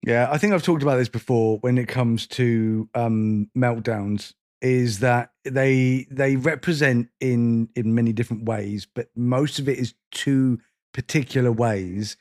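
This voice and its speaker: A man's voice: medium pitch, measured pace, a little mellow. Emotional middle-aged man, podcast co-host. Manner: open, emotional, rambling with restarts. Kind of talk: casual podcast chat.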